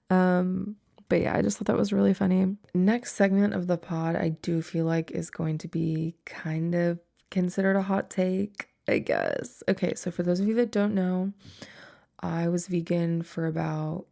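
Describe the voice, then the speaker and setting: Young woman rambling on her podcast, lowish fry-heavy voice, says like a lot and laughs. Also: measured pace, dark tone. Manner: chatty, filler-heavy, laughs often. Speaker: podcast host. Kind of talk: casual solo podcast chat.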